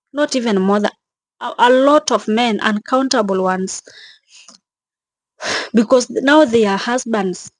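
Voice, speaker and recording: A young woman vlogging with emotion, speaking in a halting way, repeating herself and sounding tearful and shaken. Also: on the high side, dry recording. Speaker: travel vlogger. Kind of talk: emotional vlog narration.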